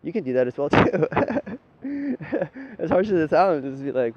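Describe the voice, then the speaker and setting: A man's voice: big pitch swings, a little slow. A man giving a rambling spiritual monologue, often ending his points with "right?" and swearing casually. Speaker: spiritual talker. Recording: dull lo-fi audio with faint rumble.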